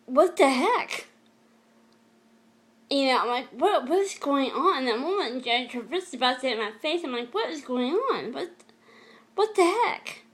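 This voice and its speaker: A middle-aged woman vlogger tells her viewers a painful story from her past in a personal storytelling vlog. Her fairly high, fairly bright voice is emotional and halting, and she often stops to restart or repeat a phrase.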